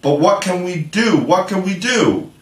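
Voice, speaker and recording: A man's voice: a little high, moderate pace, pitched above the performer's own voice, close to an everyday voice. A man doing frightened, eager young boys. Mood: desperate. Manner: cried out, breathless. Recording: echoey room, voice from afar.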